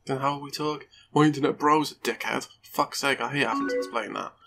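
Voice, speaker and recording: A man's voice: medium pitch, fairly even intonation, quick pace, pushed and bright, soft background music. A man giving let's play commentary over a game, swearing often and joking at his own expense. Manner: sweary, joking, self-mocking. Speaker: gaming YouTuber.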